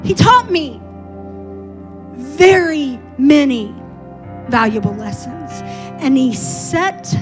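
A woman's voice: high voice, lively intonation, slow pace, long pauses, music in the background, rough recording. A middle-aged woman pastor giving a candid, personal sermon testimony with emphatic build-ups.

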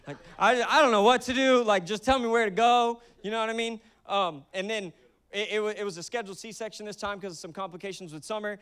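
A man's voice: sits high, quick pace, fairly bright tone, clear, resonant tone. A man in his thirties preaching a conversational sermon, acting out voices in his stories. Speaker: pastor.

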